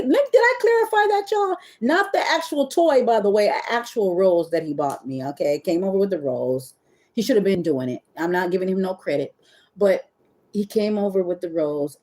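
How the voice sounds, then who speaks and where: A woman's voice: lowish voice, warm tone. A woman hosting a livestream, talking candidly and rambling to her viewers, at times close to tears. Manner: emotional, near tears at times. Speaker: webcam model hosting a livestream. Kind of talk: casual confessional livestream talk. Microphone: phone or webcam on a live stream.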